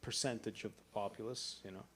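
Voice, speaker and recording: A Canadian man with a low voice and a faint hiss of noise behind him. He chats in an easygoing, rambling way, drifting through his points. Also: fairly even intonation, fairly quick, fairly bright tone. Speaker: band member. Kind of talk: casual chat in an interview.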